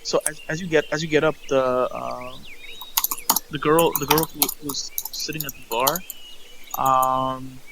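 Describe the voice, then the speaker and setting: A man's voice: medium pitch, fairly even intonation, measured pace, very noisy. Stammering man narrating as game master. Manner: stammering, repeats words.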